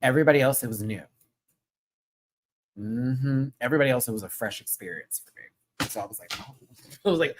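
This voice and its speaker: Guy talking over his show footage, chatty and slangy, gets all excited and squeaky at times, mid voice. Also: fairly quick, long pauses. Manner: animated, gushing, breaks into high excited exclamations. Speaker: channel host. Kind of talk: casual recap commentary.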